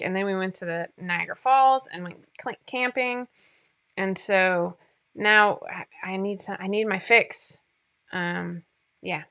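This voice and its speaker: A woman's voice: medium pitch, fairly bright tone. A woman in her forties hosting a casual livestream chat from home, rambling and laughing often, sometimes teary. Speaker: livestream host.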